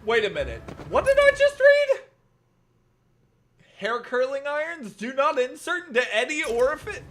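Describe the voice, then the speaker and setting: A young man streams a game and chats casually, cursing and breaking into laughter. His voice is very high and bright. He talks slowly, with a lively, swinging pitch. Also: slight background noise. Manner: profane, excitable, laughs often. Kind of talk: casual gaming stream chat.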